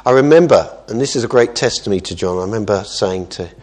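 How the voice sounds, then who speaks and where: A man preaching as a pastor, earnest, moving between quiet asides and emphatic exhortation. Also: fairly low pitch, lively intonation, quick pace. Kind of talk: sermon.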